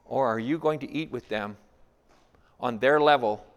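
A man preaching a sermon as pastor, repeating key lines and asking rhetorical questions, swinging between loud emphasis and hushed asides. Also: medium pitch, unhurried, lo-fi sound. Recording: long reverb of a large hall.

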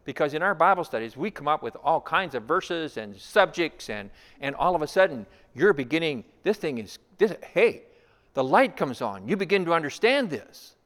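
A male pastor delivers a sermon in a slightly raised voice, pressing his point with rhetorical questions and repeated phrases. He moves between loud emphasis and near-whispered asides. A long hall reverb trails every phrase. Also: fairly high pitch, very animated, moderate pace, few pauses. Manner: repeats key lines, asks rhetorical questions, swings from loud to hushed.

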